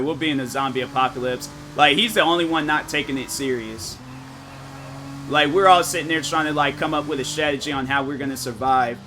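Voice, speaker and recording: Bright-voiced young man telling animated stories. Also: fairly high pitch, slight background noise. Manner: animated, slangy storytelling. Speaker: gaming streamer. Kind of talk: casual chat with viewers.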